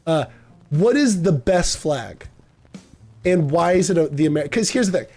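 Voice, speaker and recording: A man's voice: a little high, expressive, normal speed, mellow, soft background music. A man streaming a game, chatting with viewers in a rambling, joking, self-deprecating way. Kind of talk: casual live-stream chat.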